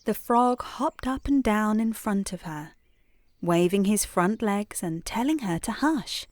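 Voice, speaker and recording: A British woman reading a bedtime story in a calm, soothing, unhurried way. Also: mid-range voice, no room sound.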